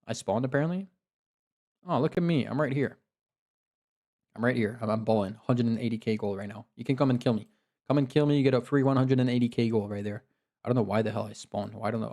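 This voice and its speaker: A man commentates a live online strategy match in an excitable, chatty way, often laughing and cheering players on. His voice has a dark, mellow tone and a slightly tired edge. He sounds like he is talking into a desktop mic. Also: on the low side. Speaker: game commentator and league host.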